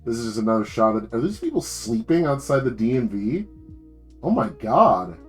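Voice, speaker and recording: A man's voice: mid-range voice, sing-song, moderate pace, faint music behind. Young adult male streamer from New Jersey. Loose, slangy, profane, mid-range voice. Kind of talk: casual live-stream chat.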